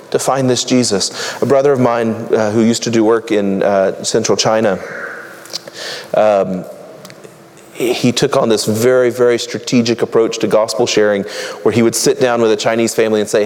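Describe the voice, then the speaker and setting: A man's voice: medium pitch, steady tone, unhurried, long pauses, darkish tone, long reverb tail. A man preaching a sermon in a conversational, humorous way, rattling off long lists.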